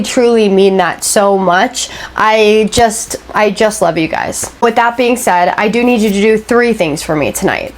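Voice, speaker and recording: Gushing, emotional woman host. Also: mid-range voice. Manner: emotional, gushing, laughs often. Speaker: storytelling channel host. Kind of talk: casual chat to viewers.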